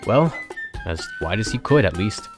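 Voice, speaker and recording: A man's voice: on the low side, big pitch swings, moderate pace, over music. A man reading a visual novel aloud and adding chatty, joking asides with frequent restarts. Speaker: let's player.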